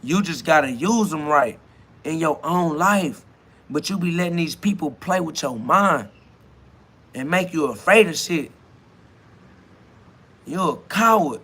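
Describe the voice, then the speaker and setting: Bright-voiced man rambling in slangy self-talk. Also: on the high side, lively intonation, unhurried, pauses often, slightly rough. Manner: loose slangy rambling with laughs. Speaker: podcast host. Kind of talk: solo self-talk monologue.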